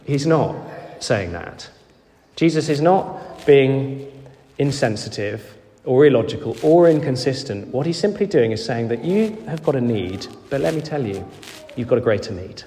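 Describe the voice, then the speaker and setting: Animated vicar preaching in an echoing church. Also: male voice, mid-range voice, normal speed, a little hiss or hum. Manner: animated, acts out the voices of people in the story. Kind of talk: sermon. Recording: long echoey church reverb.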